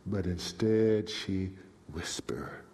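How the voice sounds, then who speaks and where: A male preacher telling a story in a dramatic sermon, swinging from hushed to shouting. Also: low-pitched, drawn-out words. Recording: long reverb in a large hall.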